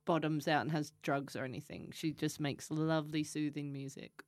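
A woman's voice: sits low, steady tone, normal speed, no room sound. A woman co-hosting a podcast, rambling through a story in casual chat. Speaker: podcast co-host.

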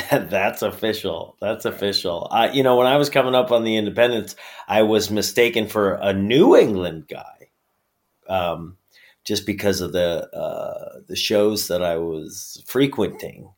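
A man's voice: fairly low pitch, unhurried. A middle-aged man from upstate New York with a New York accent, a wrestler chatting as a guest in a casual interview, laid-back with many fillers and easy laughs.

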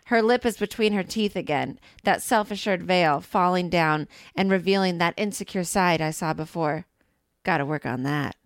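Cocky male romance lead, woman doing the voice, low put-on voice, slow seductive reading, dry close sound. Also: no echo, lightly acted. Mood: sultry. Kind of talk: reading a romance novel aloud in a put-on man voice.

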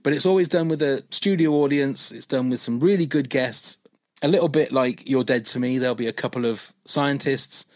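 A man's voice: mid-range voice, a little fast, no room sound. A man co-hosting a podcast in casual chat, rambling and enthusiastic with many fillers. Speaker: podcast co-host.

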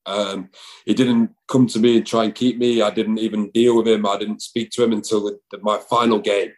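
A man's voice: on the low side, little pitch movement, moderate pace, low-quality recording. A man, a rugby player chatting casually in an interview, rambling with lots of fillers and restarts. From England.

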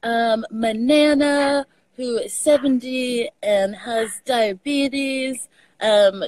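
Speaking very slowly in a voice on the high side, a woman from Texas tells lively stories full of laughter. She's a guest in a relaxed video-call chat, her Southern accent clear, and the recording is dry.

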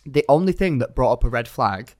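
A man's voice: medium pitch, a little fast, no echo, studio quality. A young man, co-hosting a casual podcast and telling stories animatedly with plenty of swearing. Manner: animated storyteller, swears freely. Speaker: podcast co-host.

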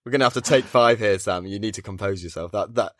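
A man's voice: lowish voice, fast talker, dry recording, studio quality. A man co-hosting a podcast, chatting casually and acting out characters' lines as he retells scenes. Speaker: podcast co-host.

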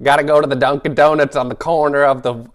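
A man putting on an exaggerated Boston accent to voice a fast-talking sixty-year-old woman. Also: a little high, steady tone, pitched above the performer's own voice, natural voice. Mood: mock grumpy. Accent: put-on Boston accent.

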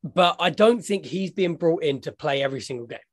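A man's voice: on the high side, expressive, fairly quick, no room sound. A young man co-hosting a casual fan podcast, rambling and joking with lots of restarts. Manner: rambling, jokey, many restarts. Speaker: podcast co-host.

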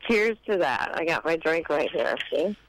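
A woman's voice: sits low, lively intonation, moderate pace, a crowd in the background, low-quality recording. A woman chatting on a radio show, rambling and hesitant, with many fillers. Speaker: guest co-host. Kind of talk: casual on-air chat.

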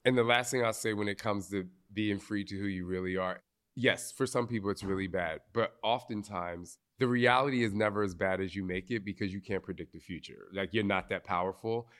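Blunt, animated man with a Jersey accent. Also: on the low side, brisk, clear, resonant tone. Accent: New Jersey. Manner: blunt, animated, swears freely. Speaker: podcast host. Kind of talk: live podcast conversation. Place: live recording at a retreat.

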